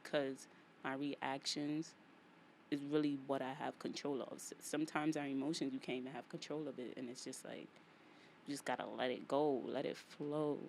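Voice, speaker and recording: Animated New York woman venting. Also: very deep voice, moderate pace, creaky, a little hiss or hum. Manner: animated, playful, slangy, vents with emphatic repetition. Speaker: podcast host. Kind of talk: casual solo podcast monologue.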